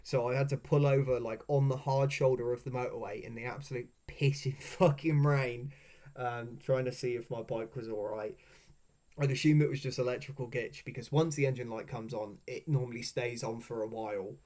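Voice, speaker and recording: A man's voice: medium pitch, steady tone, normal speed, dark tone. A young man telling travel stories in a casual, swearing voice-over, laughing at his own mishaps. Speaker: vlogger.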